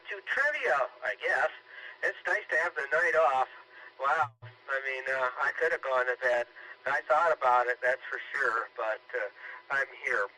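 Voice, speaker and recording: A man's voice: mid-range voice, sharp tone. A tired, winded man checking in on a ham radio net, rambling with many fillers. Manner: rambling, filler-heavy, self-deprecating. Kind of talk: casual radio chat. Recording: noisy radio transmission.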